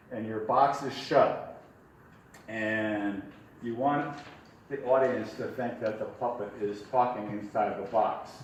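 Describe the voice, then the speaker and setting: In a workshop room, a man with a lowish voice teaches ventriloquism in a chatty, folksy, demonstrative style. He's far from the mic, so the audio sounds echoey and distant, with slight, faint background noise.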